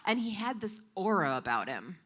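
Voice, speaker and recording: A woman interpreting for a storyteller, voicing a live story at a coffee shop event in an animated, expressive way. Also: medium pitch, moderate pace.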